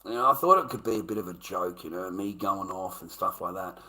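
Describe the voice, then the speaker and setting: A lowish, forceful male voice with a broad Australian accent. He rambles through casual stories as a livestreamer, swearing freely and calling everyone mate. The tone stays bright and pushy even when he talks quietly. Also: brisk, poor audio. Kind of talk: casual storytelling chat.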